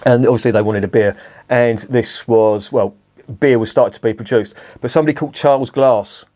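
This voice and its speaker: A man's voice: mid-range voice, normal speed, mellow. A middle-aged man, reviewing a beer in a casual, rambling monologue, swearing freely and breaking off into asides.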